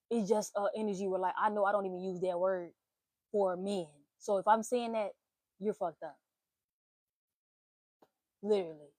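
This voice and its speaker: Animated, blunt woman with a mellow voice. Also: medium pitch, no echo. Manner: animated, swearing, playful exclamations. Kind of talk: casual spiritual reading monologue.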